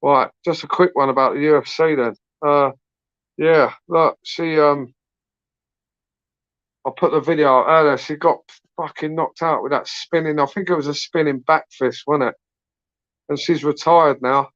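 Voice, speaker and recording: A man's voice: fairly high pitch, steady tone, normal speed, fairly bright tone, no echo, muffled recording. A British man hosting a late-night live stream, rambling casually, swearing and tagging questions onto his sentences. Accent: British English. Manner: rambling, slangy, swears freely, asks tag questions. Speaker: YouTube channel host.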